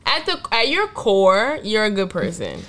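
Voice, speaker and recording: Casual woman with lively pitch. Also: noisy background. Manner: loose, swearing, drawn-out fillers. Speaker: podcast co-host. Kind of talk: casual chat.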